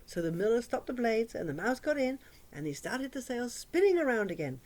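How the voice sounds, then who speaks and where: A woman tells a children's story aloud, her voice sing-song and richly expressive. Her pitch rises and falls in wide, lively swoops, and she drops to a hush for drama. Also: fairly quick. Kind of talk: oral storytelling for young children.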